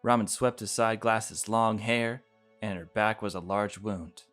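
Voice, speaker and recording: Man, lowish voice, plain storybook narration of a visual novel. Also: unhurried, fairly bright tone, soft background music. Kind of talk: reading a visual novel aloud.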